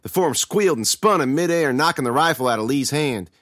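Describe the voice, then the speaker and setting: A man's voice: on the high side, lively intonation, a little fast, a bit bright, no room sound, studio quality. A man giving a dramatic first-person reading of a scripted horror tale. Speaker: storyteller.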